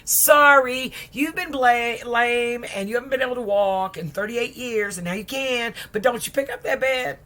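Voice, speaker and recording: A woman's voice: medium pitch, fast, hardly any pauses, pitched above the performer's own voice, close to an everyday voice. A woman voicing the startled, fussing friends of a healed man in a Bible story, exclaiming in a raised voice. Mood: flustered. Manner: excited, exclaiming.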